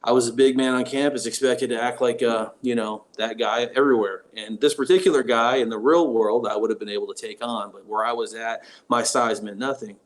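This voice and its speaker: A man, a paranormal investigator, telling a personal story as an interview guest, pausing often with ums and restarts. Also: medium pitch, steady tone. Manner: halting, with frequent ums and restarts.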